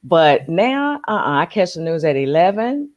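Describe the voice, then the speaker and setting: A woman co-host in casual chat, relaxed and rambling, with many fillers and restarts. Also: lowish voice, normal speed, highs cut off.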